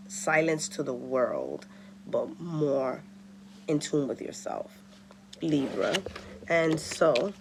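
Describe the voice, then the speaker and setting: A woman's voice: deep voice, creaky, noisy background. A woman giving a casual tarot reading, chatty and direct, talking straight to her viewers. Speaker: tarot reader.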